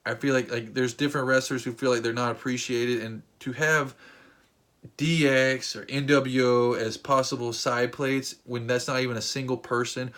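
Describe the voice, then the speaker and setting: Excitable rambling man telling a story. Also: medium pitch, normal speed. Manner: rambling and excitable, with many fillers and restarts. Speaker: vlogger and wrestling fan. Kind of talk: casual storytelling vlog.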